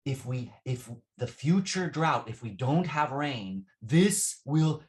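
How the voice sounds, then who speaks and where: A man's voice: medium pitch, lively intonation, slow pace. Man, vocabulary lesson, patient, repetitive, mid-range voice. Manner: patient, repeats phrases, asks "right?" often. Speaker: English vocabulary teacher.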